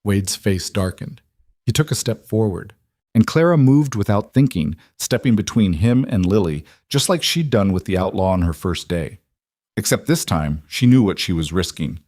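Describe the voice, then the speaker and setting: A male narrator tells a dramatic story in a measured reading voice. His pitch sits on the low side, and the recording is dry and close, with no room echo. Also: expressive, darkish tone. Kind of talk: scripted narration.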